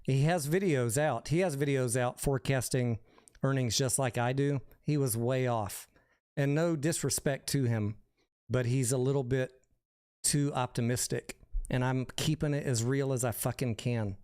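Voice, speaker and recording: Blunt male stream host, smooth voice. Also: medium pitch, normal speed, a little mellow. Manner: blunt, profane, defensive. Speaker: host of a stock market live stream. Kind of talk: casual live-stream talk.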